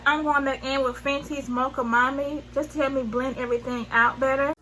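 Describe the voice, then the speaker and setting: With music in the background of a rough recording, a woman with a Southern US accent gives a makeup tutorial. Her high-pitched voice is brisk with fairly even intonation. As a beauty vlogger she's chatty and rambling, slangy, prone to self-correcting and losing her place mid-sentence.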